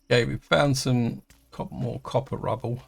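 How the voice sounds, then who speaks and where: Gravelly man musing through a game. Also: medium pitch, steady tone, normal speed. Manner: chatty, hesitant, thinks aloud with many ums. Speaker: gaming channel host. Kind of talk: casual let's-play commentary.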